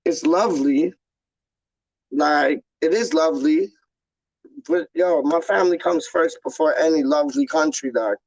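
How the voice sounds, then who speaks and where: Man, slightly high voice, gravelly, casual rambling chat, slangy. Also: measured pace, no echo, muffled recording. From London, England. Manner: slangy, repeats "dog" and "man" at line ends; rambling, animated. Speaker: YouTube channel host. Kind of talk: casual live chat with viewers.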